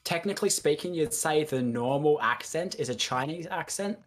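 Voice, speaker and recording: A man's voice: a little high, lively intonation, normal speed, music in the background. Chatty speedrun-savvy man. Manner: knowledgeable, chatty, laughs easily. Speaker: fellow speedrunner. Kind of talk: casual voice chat.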